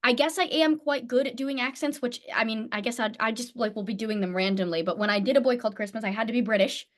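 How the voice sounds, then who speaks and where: Young woman from new jersey, bubbly, laughs a lot, higher voice, casual interview. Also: fast. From New Jersey, USA. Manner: bubbly, laughs often, lively quoted asides. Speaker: actor guest.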